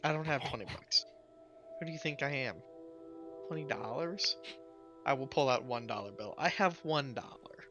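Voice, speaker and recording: A man playing a tabletop role-playing game, talking in a playful, animated way. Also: medium pitch, moderate pace, long pauses, highs cut off, over music. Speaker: player. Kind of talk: casual tabletop play.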